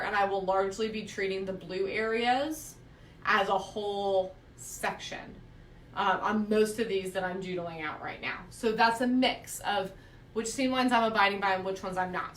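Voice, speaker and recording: A woman's voice: mid-range voice, moderate pace, fairly bright tone, roomy sound, far from the mic, a little hiss or hum. A woman teaching quilting on a live stream, chatty, often checking in with "right?" as she explains.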